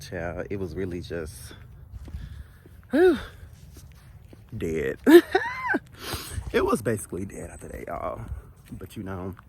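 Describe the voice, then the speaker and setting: A man's voice: low voice, noisy background. A young man vlogger telling a casual storytime while walking outdoors, sassy and chatty with asides to his viewers.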